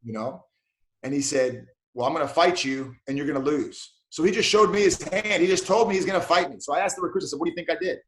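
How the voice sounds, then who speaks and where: Fast-talking man telling stories, echoey room. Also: on the high side. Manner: animated storyteller acting out dialogue. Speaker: police officer and jiu-jitsu black belt guest. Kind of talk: casual interview storytelling.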